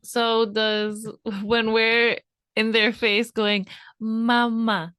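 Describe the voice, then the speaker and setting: A woman with a smooth, clear voice talks easily and asks questions on a casual parenting podcast. She sounds chatty. The sound is dry, with no room echo. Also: on the high side, monotone, very slow, a bit bright.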